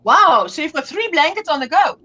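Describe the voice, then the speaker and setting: High, lively woman host. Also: muffled recording. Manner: eager, exclaiming, asks quick follow-up questions. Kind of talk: casual chat.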